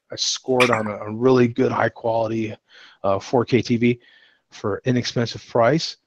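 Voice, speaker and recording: A man hosting a live beer talk show who chats casually and rambles, with lots of fillers and restarts. His voice sits at a middle pitch. The recording is dry and a little dull. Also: no echo. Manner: laughs often.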